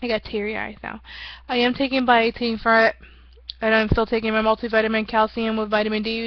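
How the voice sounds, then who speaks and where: Chatty young woman rambling to her camera, kinda high voice, dry dull sound. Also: no room sound. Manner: chatty, rambling, laughs at herself. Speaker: vlogger. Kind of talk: casual weight-loss vlog update.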